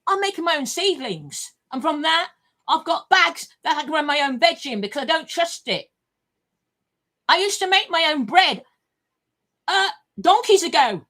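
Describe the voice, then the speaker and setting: An older woman talks straight to camera, her voice pitched high and swooping all over the place. She rambles on with force, swears freely and circles back over her own words. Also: expressive, unhurried, sharp tone. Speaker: vlogger.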